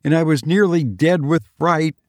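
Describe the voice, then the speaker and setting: A shaken young gentleman, frightened and pleading, his voice pushed noticeably higher, as a man reading a storybook puts him on. He talks in a breathless, anxious rush, and the recording is dry and close with no room sound. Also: normal speed, no room sound, close to an everyday voice.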